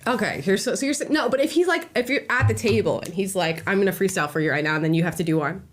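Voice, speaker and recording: A woman co-hosts a casual reaction chat with a mid-range voice. She gives her opinions in an animated way and is quick to laugh along with the others. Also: medium pitch, slight background noise. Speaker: podcast co-host.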